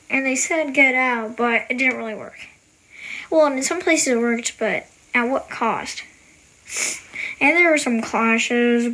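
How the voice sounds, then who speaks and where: A woman's voice: fairly high pitch, a bit bright. A woman casually explaining history in a rambling, slangy, offhand way. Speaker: video creator.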